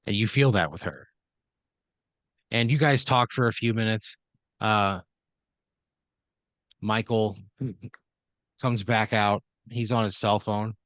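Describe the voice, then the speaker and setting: A man's voice: fairly low pitch, slow pace, long pauses, a bit bright, no room sound. A man hosting a comedy podcast, narrating an improvised scenario in second person with lots of fillers and restarts. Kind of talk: improvised storytelling.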